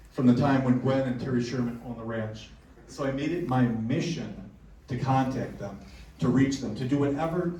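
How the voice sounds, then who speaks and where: A man's voice: mid-range voice, dark tone, a little hiss or hum. Man telling ghost stories in an echoey hall. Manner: casual, joking storyteller with restarts. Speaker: conference presenter. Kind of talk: storytelling talk to a live audience. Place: packed conference room. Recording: echoey room, heard from far off.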